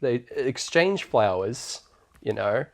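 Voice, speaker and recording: A relaxed man co-hosts a podcast, retelling a film's plot in loose, slangy chat. His voice rises and falls a lot, and he laughs easily as he talks. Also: mid-range voice, slow, gravelly. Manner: laid-back, slangy, laughs often. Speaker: podcast co-host. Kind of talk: casual chat recapping a film.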